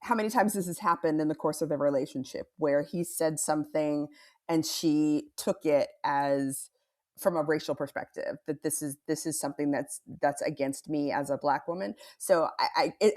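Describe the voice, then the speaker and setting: Low-voiced woman co-host. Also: brisk, a little mellow. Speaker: podcast co-host. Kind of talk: casual chat.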